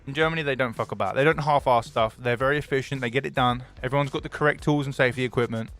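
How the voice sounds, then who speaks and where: A young British streamer races through casual chat in a mid-range voice while faint music plays behind him. He's excitable and freely profane, lurching between loud enthusiasm and mock gloom.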